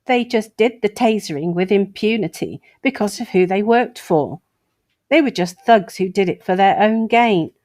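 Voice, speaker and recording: A woman's voice: mid-range voice, normal speed, a little mellow, no room sound. A woman hosting her own show, reading an article aloud and breaking off for sarcastic asides. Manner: sarcastic asides between read passages. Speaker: host.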